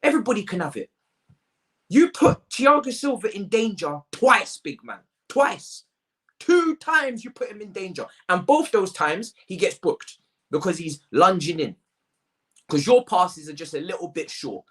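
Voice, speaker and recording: A man's voice: high-pitched, lively intonation, a little slow, fairly bright tone. A man hosts a football fan channel and reviews a match to camera. He sounds exasperated, repeats phrases for emphasis and talks in slang, close to the mic.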